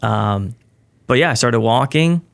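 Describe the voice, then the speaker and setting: Gravelly-voiced man telling a story. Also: mid-range voice, measured pace. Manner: animated, acts out quoted people. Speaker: podcast guest. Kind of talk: casual storytelling.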